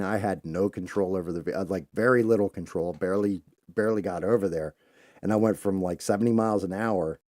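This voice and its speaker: Animated man telling a story in a low voice. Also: no echo, clean studio sound. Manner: animated storyteller, swears freely, loud acted-out outbursts. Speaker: podcast host. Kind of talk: casual storytelling.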